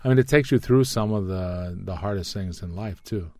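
A man's voice: sits low, normal speed, warm tone, dry recording. Dry-humored man hosting a food show. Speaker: radio show host. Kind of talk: casual food chat.

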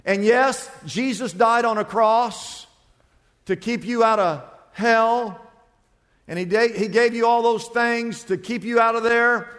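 A man preaching a sermon, acting out the characters in his illustrations. His voice sits high for a man. It rings with the long reverb of a large hall. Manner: animated storytelling preacher, acting out scenes. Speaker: pastor.

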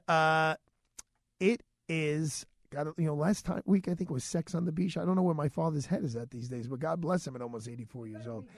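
A man hosting a radio show, telling a story in a chatty, animated way and acting out the dialogue. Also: a little high, dry recording, studio quality. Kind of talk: casual storytelling monologue.

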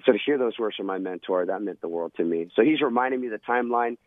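A man's voice: on the low side, quick pace, hardly any pauses, no echo. Man, former navy seal, dramatic storyteller, interview guest, phone-line sound.

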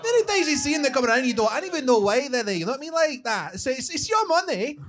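A man's voice: very high-pitched, big pitch swings, a bit bright, voice pushed up, exaggerated voice. A man doing a rambling Scottish local. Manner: rambling, rapid.

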